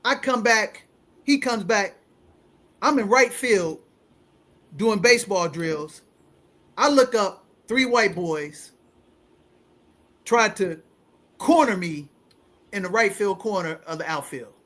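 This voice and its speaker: Host, male, 40s: lively, chatty storyteller who voices the people in his tales. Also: high-pitched, slow pace, pauses often. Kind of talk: casual storytelling.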